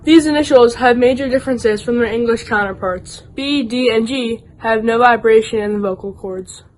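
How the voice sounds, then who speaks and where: A woman's voice: a little high, moderate pace, darkish tone, poor audio. Woman explaining pronunciation step by step. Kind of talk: classroom presentation.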